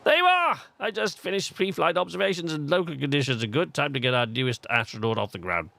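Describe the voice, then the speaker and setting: A man's voice: fairly high pitch, sing-song, quick pace, gravelly, pitched above the performer's own voice, full character voice. A man reading out a cheerful, encouraging male alien astronomer with an English accent, a friendly mentor seeing off a young astronaut. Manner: warm, encouraging, chatty.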